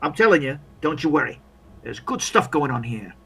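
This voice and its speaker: An overly cheery wounded soldier with bandaged eyes, put on by a man running a tabletop game. He speaks in a chummy, reassuring way, voice bright and a little husky, talking up his pals. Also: a little high, very animated, normal speed, full character voice.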